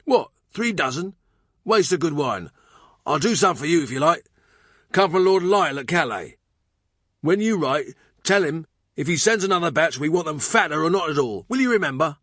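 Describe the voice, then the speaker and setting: A man's voice: a little high, expressive, normal speed, a bit bright, no echo, clean studio sound, pitched above the performer's own voice. A man voicing a blunt, chatty palace cook who jokes irreverently. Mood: teasing.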